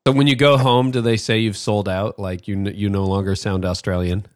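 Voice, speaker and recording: A man's voice: on the low side, fairly even intonation, fairly quick, dry recording, clean studio sound. A man hosting a podcast, reading an ad and interviewing a guest in an upbeat, chatty way with casual fillers. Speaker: podcast host.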